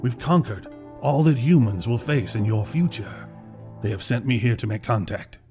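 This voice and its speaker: A man voicing a calm, grand alien jellyfish being who speaks stiffly and formally with an odd accent. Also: medium pitch, natural voice.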